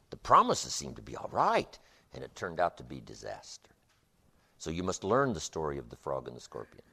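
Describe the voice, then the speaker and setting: A man's voice: on the low side, a bit bright. A man giving a motivational speech, emphatic, with rhythmic repetition. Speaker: motivational speaker.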